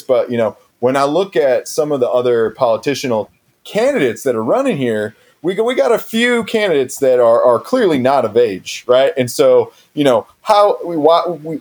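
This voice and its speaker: A man's voice: mid-range voice, darkish tone, lightly acted. A man playing an earnest political candidate who hedges, leans on fillers and turns sappy. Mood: hedging. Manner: hedging, filler-heavy, sappy. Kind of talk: improvised comedy interview.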